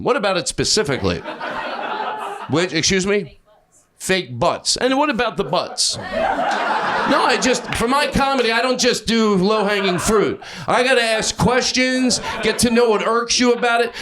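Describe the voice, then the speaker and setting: A middle-aged man doing improvised stand-up in a comedy club, rambling and self-deprecating, breaking into sudden shouts. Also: high-pitched, slight background noise. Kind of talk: improvised stand-up riffing with a crowd. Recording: live club recording with crowd. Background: audience laughter.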